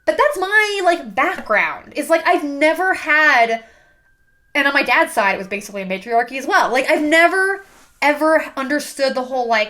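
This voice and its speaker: A woman's voice: high voice, lively intonation, normal speed, sharp tone. A young woman hosting a casual book review, ranting sarcastically with plenty of "like" fillers. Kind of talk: casual rant monologue.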